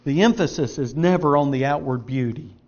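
A middle-aged man delivers an earnest sermon in a fairly high voice, pressing his points with shifts in loudness and pace. The recording sounds dull and lo-fi. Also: a little fast. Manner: earnest, emphatic preaching with varied loudness and pace. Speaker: preacher.

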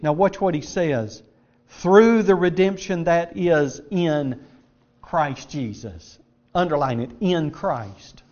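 A man's voice: a little high, takes it slowly, darkish tone, dull audio. A man preaching a sermon in an auditorium, emphatic, repeating words for stress as he quotes scripture.

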